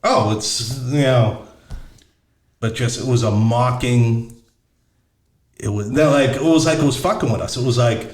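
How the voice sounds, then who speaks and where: A man's voice: medium pitch, moderate pace, darkish tone, echoey room. A middle-aged man telling a story casually, blunt and profane, often restarting as he searches for words. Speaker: podcast host.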